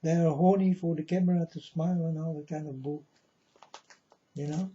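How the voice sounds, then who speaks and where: A man's voice: on the high side, fairly even intonation, moderate pace, mellow, dull audio. A man talking straight to his viewers in a rambling, earnest monologue, calling them folks and insisting he is serious.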